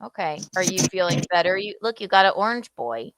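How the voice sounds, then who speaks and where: A woman's voice: lowish voice, very animated, a little fast, fairly bright tone, dry recording. A woman co-hosting a casual livestream chat, playful and teasing as she reads out the chat's donations. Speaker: co-host reading chat donations.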